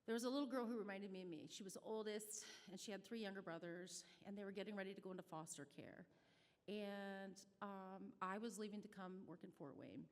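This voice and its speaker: A woman's voice: mid-range voice, a little fast. A middle-aged woman with a Midwestern American accent, telling a personal story in a chatty, self-deprecating way at a charity brunch. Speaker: nonprofit staff speaker. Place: banquet hall. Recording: reverberant hall audio.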